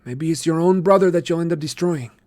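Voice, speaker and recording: A man voicing a sarcastic, wary teenage boy with a sharp, needling manner, in an audiobook-style reading. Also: fairly high pitch, brisk, voice pushed up, natural voice. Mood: grudging. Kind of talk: reading a novel aloud on a stream.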